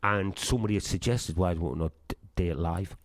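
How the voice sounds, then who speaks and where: This punk singer is a middle-aged Sunderland man with a low voice and a local English accent, talking fast on a dry recording. Chatty and foul-mouthed in an interview, he spins casual anecdotes and performs the dialogue within them himself.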